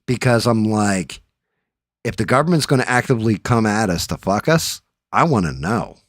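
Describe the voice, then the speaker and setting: Casual male show host, low register, salty storyteller, dry close mic. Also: normal speed, no echo. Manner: profane, storytelling, animated when riled up. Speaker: podcast host. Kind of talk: casual chat.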